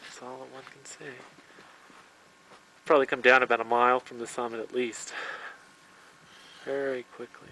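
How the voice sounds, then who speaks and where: A man's voice: mid-range voice, flat delivery, moderate pace, long pauses, poor audio. A man filming a hike, narrating casually and admiringly while out of breath. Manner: chatty, admiring. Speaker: hiker filming the trip. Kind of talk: casual narration to a home video camera. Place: outdoors on a high mountain trail. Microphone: built-in camcorder mic. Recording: home camcorder tape with loud wind noise.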